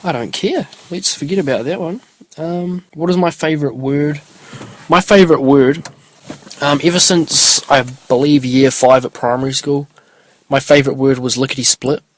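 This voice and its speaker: A man's voice: on the high side, steady tone, moderate pace. Laid-back young man hosting a podcast. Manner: rambling, laid-back, lots of filler. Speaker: podcast host. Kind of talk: casual solo podcast chat.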